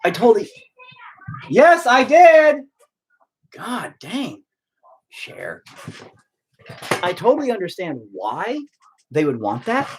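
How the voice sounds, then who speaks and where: A man's voice: high voice, huge pitch swings, a little slow, pauses often, a little mellow, a little hiss or hum. A man chatting at home while painting, rambling through a profane, opinionated rant.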